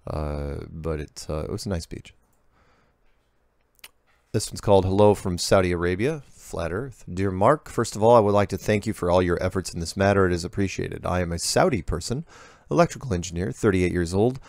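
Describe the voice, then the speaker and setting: Low gravelly man reading emails aloud. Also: a little fast, darkish tone, dry recording, studio quality. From US Pacific Northwest. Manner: offhand, drifting into asides and self-corrections. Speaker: host reading viewer emails. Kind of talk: casual solo email Q&A.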